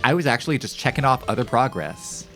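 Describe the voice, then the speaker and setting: A man's voice: medium pitch, a little fast, faint music behind. A man streaming gameplay live, chatting casually with his viewers in a joking, self-mocking way. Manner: animated, joking, talks to chat.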